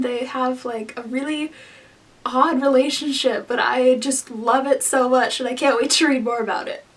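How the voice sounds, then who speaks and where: A woman's voice: sits high, recorded from a distance. A young woman, a book vlogger, chatting casually to the camera in a gushing, rambling way full of "like" fillers.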